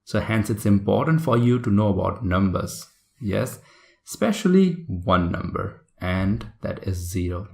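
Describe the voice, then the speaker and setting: A man's voice: lowish voice, expressive, measured pace, creaky. A man teaching a recorded test lesson, explaining patiently and checking in with listeners. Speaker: English test tutor.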